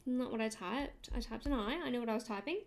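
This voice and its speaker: A young Australian woman with a slightly high voice talks casually while she draws on stream. She rambles, trails off mid-thought and reads out and answers her chat in a loose, chatty way. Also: quick pace. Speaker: livestreamer.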